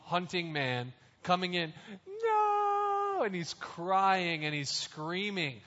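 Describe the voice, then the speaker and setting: A man preaching a sermon, explaining scripture in plain, conversational words and speaking slowly and deliberately. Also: on the high side, a bit bright. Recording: reverberant hall, dull lo-fi sound.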